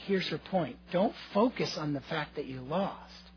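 A man's voice: on the high side, animated, measured pace, highs cut off, a little hiss or hum. A male pastor preaching a sermon, earnest and conversational, addressing his listeners directly.

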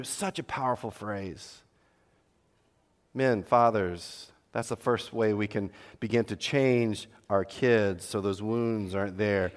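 A middle-aged man preaching an earnest sermon to fathers, swinging between loud emphasis and hushed, tender lines. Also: on the low side, takes it slowly. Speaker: pastor. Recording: long hall reverb.

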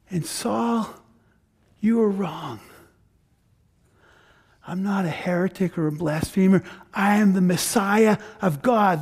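A man preaching as Jesus speaking to Paul, slow and declaring, lifting his voice. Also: darkish tone, exaggerated voice. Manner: slow, declaring, raised pitch. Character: risen Jesus, man, commanding and tender.

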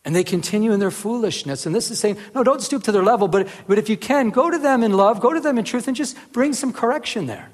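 A man's voice: high-pitched, fast, hardly any pauses. A man giving a casual Bible teaching, earnest, with many rhetorical "remember?" questions. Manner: earnest, rises into animated emphasis, often asks "remember?". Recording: reverberant hall.

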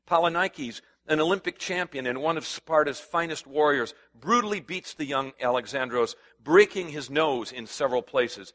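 Forceful, bright-voiced male pastor preaching. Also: normal speed, hardly any pauses. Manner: conversational preaching, turns louder and higher when stirred; asks the congregation to respond. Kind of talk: sermon.

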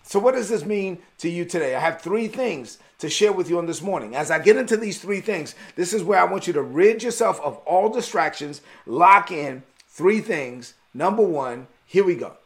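Male preacher, from Brooklyn, emphatic, repeats points, high voice, gravelly. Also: animated, moderate pace, hardly any pauses. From Brooklyn, New York. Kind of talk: devotional sermon.

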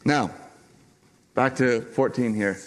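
A pastor preaches to his congregation in a medium-pitched voice, earnest and emphatic, repeating key lines and letting dramatic pauses hang.

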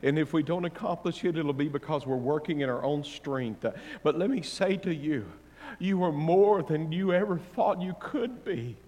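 Male pastor, higher voice, sermon with long hall reverb; shifts from loud preaching to soft counsel. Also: normal speed. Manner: swings between loud preaching and quiet counsel; playful asides to the congregation.

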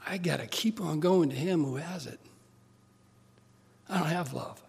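A man preaching a sermon, telling stories and swinging from loud urging to quiet, intimate asides. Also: on the high side, a little slow, gravelly, slightly rough. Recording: long hall reverb.

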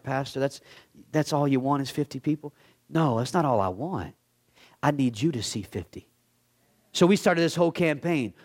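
Guy preaching, voice all over the place, slips into low character voices. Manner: animated, acts out bible characters in dropped voices. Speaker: guest pastor. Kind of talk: sermon.

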